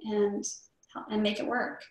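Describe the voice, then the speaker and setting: A woman's voice: medium pitch, level tone, slow pace, background noise. A middle-aged woman chatting as an interview guest, rambling with many fillers and restarts. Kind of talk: casual chat. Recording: very echoey room.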